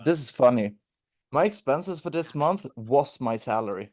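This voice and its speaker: A man's voice: mid-range voice, lively intonation, moderate pace, a little mellow. A man co-hosting a casual podcast from his bed, joking loosely, swearing, and laughing often. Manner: loose, sweary, giggly banter. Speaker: podcast co-host. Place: bedroom, sitting on his bed.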